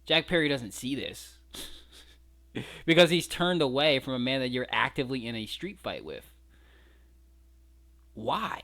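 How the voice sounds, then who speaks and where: A man's voice: mid-range voice, animated, a little slow, long pauses, bright, forceful tone. A man giving a casual, incredulous breakdown of fight footage, mocking and swearing freely. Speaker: wrestling commentary vlogger.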